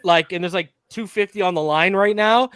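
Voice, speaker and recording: A man hosting a live football stream, chatting casually and excitedly and shouting out viewers by name. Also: high voice, normal speed, clean tone, no echo.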